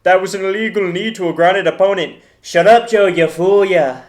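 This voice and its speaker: A man doing an impression of a brash male fighter, ranting loudly in a strained, raised voice. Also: normal speed, lightly acted. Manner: shouting, high and strained.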